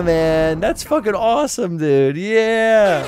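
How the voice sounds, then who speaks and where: A man streaming a game live, swearing and yelling in frustration at a computer-driven car. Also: fairly high pitch, normal speed, soft background music. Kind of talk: live gaming stream commentary.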